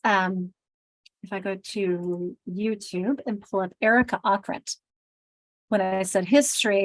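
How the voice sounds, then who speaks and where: An American woman runs a teacher training session, pronouncing everything with crisp, deliberate care. She shows sounds off aloud with lively emphasis. Her voice is close and dry, with no room around it. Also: mid-range voice, no echo, low-quality recording. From United States. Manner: enunciates very carefully and crisply. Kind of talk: workshop presentation.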